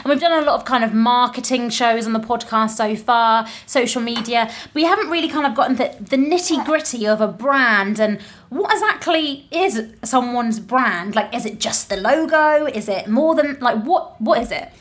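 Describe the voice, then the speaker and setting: A woman's voice: a little high, animated, moderate pace, few pauses. A woman hosting a podcast interview in a bubbly, gushing way, laughing often. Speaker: podcast host. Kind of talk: casual interview chat.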